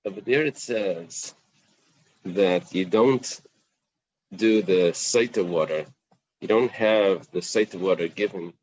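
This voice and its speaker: A man's voice: deep voice, darkish tone, dry recording, lo-fi sound. A man teaching a Talmud class in plain English, mixing in Aramaic and Hebrew quotes, with fillers and restarts. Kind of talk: daf yomi Talmud class.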